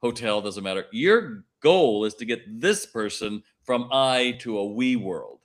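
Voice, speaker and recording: A man's voice: medium pitch, measured pace. A middle-aged man, a retail consultant, chatting as a podcast guest and acting out shop dialogue in his stories. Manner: animated storyteller acting out dialogue. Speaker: retail consultant and keynote speaker.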